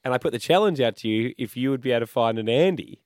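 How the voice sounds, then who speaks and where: A man's voice: medium pitch, animated, fast talker, no echo. An Australian man hosting a radio show, chatting casually and laughing between lines in a studio. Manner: laughing, joking. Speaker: radio host.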